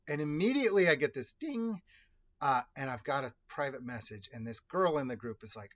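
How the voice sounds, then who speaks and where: A man's voice: mid-range voice, expressive, a little fast, a bit bright, dull audio. Man rambling through a casual story. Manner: rambling, self-correcting, conversational. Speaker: video host telling personal stories.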